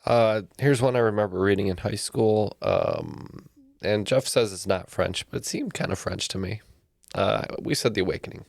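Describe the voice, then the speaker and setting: A man's voice: fairly low pitch, very animated, moderate pace, gravelly, dry recording. A man competing on a trivia podcast, hesitant and joking. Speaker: quiz contestant. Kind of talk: casual game show chat.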